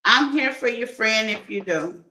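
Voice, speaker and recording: A woman's voice: a little high, lively intonation, measured pace, bright, forceful tone, roomy sound, a little hiss or hum, low-quality recording. A woman doing a casual tarot reading for her viewers, playful and laughing often as she talks to them like friends. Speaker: tarot reader.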